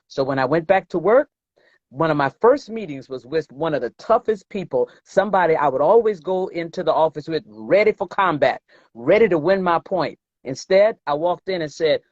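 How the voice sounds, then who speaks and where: A woman's voice: low voice, darkish tone, no room sound. A middle-aged woman from the American South, a guest telling stories emphatically in an interview and acting out the dialogue. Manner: emphatic, acts out quoted dialogue. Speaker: guest, investment banker. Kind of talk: storytelling in an interview. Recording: dry, dull lo-fi sound.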